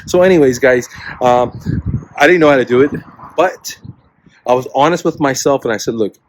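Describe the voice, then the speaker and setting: A man's voice: medium pitch, moderate pace, a little hiss or hum, rough recording. A man in his forties, a real estate coach, giving a blunt, profanity-laced motivational talk packed with "man" and "bro". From refugee to the US. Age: 40s.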